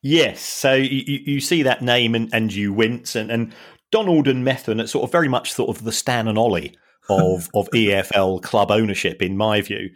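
A man co-hosting a podcast, analysing in a wry, halting way with many restarts. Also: fairly low pitch. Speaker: podcast co-host and finance analyst. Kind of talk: casual podcast chat.

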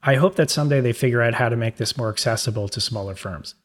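A man's voice: mid-range voice, fast talker. A man with a New York accent talks through products as a podcast guest. His voice sits in an ordinary middle register, and he explains things casually, with fillers and restarts. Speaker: podcast guest, legal tech publisher. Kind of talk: conversational interview.

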